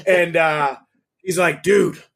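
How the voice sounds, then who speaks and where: A young man co-hosting a podcast, answering with quick short reactions and telling his own profane work story. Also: fairly high pitch. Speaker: podcast co-host. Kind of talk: casual storytelling chat.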